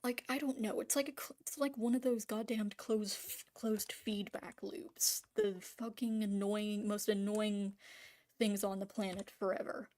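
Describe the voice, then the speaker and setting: A woman's voice: mid-range voice, steady tone, measured pace, a little mellow. A woman ranting casually on camera about making art, rambling and swearing, full of restarts and trailing fillers. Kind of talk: casual spoken rant.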